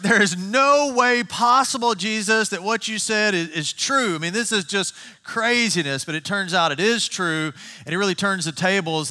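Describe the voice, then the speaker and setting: A man preaching a sermon as pastor, conversational and animated, telling stories with frequent restarts. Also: a little high. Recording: long hall reverb.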